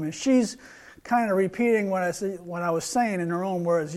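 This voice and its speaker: Male street preacher, high voice, earnest, repeats himself while reading scripture. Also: moderate pace, a little mellow. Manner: earnest, repeats words and restarts, reads scripture aloud. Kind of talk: sermon with retold street conversation.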